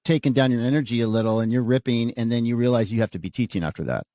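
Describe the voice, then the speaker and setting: Lively male host who acts out every quote; medium voice, dry recording. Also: mid-range voice, very fast, dry recording. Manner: animated storyteller, acts out quotes. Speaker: podcast host. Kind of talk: casual podcast chat.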